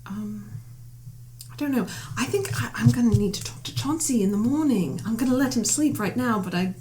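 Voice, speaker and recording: A woman player speaking in character in a tabletop game, hesitant and halting. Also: a little high, animated, dark tone, a little hiss or hum. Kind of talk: in-character tabletop role-play.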